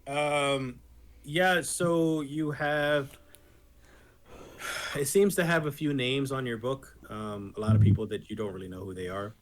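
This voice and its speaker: A man running a tabletop game as game master, talking casually with many pauses and fillers, and the odd swear. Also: mid-range voice.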